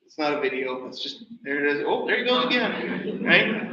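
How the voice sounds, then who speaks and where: Casting: male presenter, high and bright voice, chatty storyteller, roomy hall, distant muffled mic. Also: sing-song, normal speed, background noise. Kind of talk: slide show talk. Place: nature center hall. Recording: roomy, distant, dull livestream audio.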